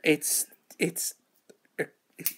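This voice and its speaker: A man's voice: extremely slow, a bit bright. A man hosting a live show, chatting in a rambling, self-mocking way. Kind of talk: casual live-stream chat.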